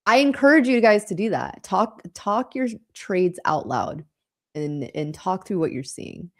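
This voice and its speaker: A woman's voice: lowish voice, expressive, measured pace. A woman co-hosting a live trading stream, chatting casually, laughing often and calling out price levels.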